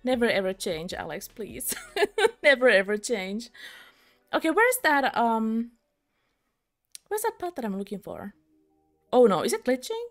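A chatty British woman in her young adult years streams a game, her voice higher than most and swinging widely in pitch as she giggles and teases herself. She talks at an unhurried pace, with faint music playing behind her. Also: sing-song. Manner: giggly, laughs often, chatty and self-mocking. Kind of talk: live-stream game commentary.

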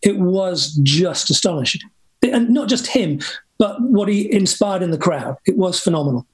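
A man's voice: sits high, animated, normal speed. A man from England, a music producer guest speaking with wry humor. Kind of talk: casual interview chat.

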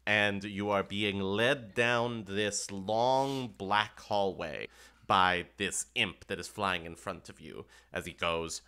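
A man's voice: fairly low pitch, slow pace, pushed and bright, clear, resonant tone. A man narrating as game master of a tabletop game in an easygoing way.

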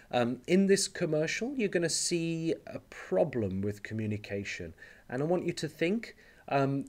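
A male teacher giving an online lecture, explaining step by step in a relaxed way and often pausing with "okay" and "um". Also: mid-range voice.

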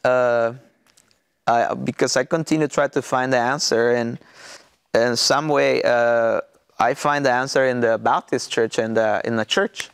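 Mexican man, halting accented English. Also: mid-range voice, steady tone, creaky, clean tone, no echo, studio quality. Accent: Mexican Spanish. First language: Spanish. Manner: halting non-native English with many restarts and fillers. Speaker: pastor. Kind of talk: personal testimony interview.

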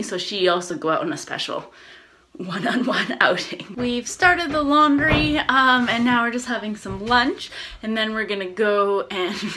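A woman's voice: fairly high pitch, pushed and bright. A young woman chatting casually and upbeat in a daily vlog, laughing often. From Canada. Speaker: vlogger.

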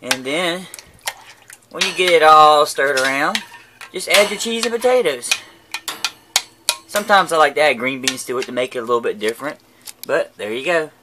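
A man's voice: on the high side, normal speed, pauses often, noisy background. Profane man rambling at the grill. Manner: crude, profane, joking, stumbling over words. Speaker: cooking vlogger. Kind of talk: rambling casual chat while grilling. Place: outdoors at a grill. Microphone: camera mic.

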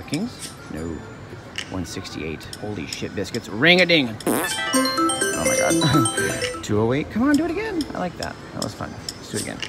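Male slots vlogger, foul-mouthed and teasing, very animated voice, unhurried delivery. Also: medium pitch, vocal fry. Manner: profane, excitable, cursing at the machine; teasing, jokey asides. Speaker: slot machine gambling vlogger. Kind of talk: live commentary while playing slots. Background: loud slot machine music and chimes.

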